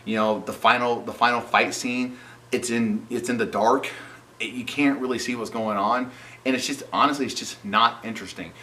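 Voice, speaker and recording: A man's voice: mid-range voice, fairly even intonation, moderate pace, sharp tone, distant mic, slight background noise. Sarcastic man reviewing a film. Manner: sarcastic, indignant, fills with "you know". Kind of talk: opinionated spoken movie review.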